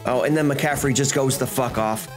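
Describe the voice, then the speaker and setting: A man hosting a gaming channel, ranting and swearing through his gameplay commentary, swinging between shouting and muttering. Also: mid-range voice, steady tone, normal speed, soft background music.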